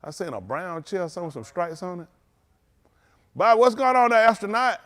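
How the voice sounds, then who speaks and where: A man pastor who jokes and banters with his livestream viewers by name, then teaches in an earnest, halting way. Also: high voice, sing-song, fairly bright tone. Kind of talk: livestream greeting and sermon.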